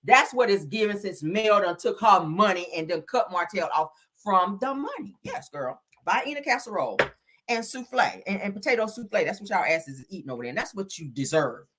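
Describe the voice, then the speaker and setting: A woman hosting a gossip show, talking in a sassy, animated way, full of "honey" and "child" and swearing. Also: mid-range voice, fairly quick, slightly rough. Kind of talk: casual gossip commentary.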